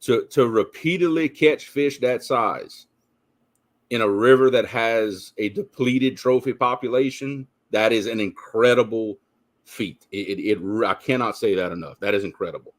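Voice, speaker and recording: A man's voice: medium pitch, normal speed. A man co-hosting a casual fishing live stream chat, talking emphatically and repeating phrases for stress. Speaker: co-host.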